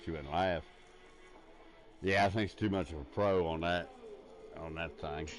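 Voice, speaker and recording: A man co-hosting a casual gaming video, joking in a goofy, deadpan way and swearing freely. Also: deep voice, normal speed.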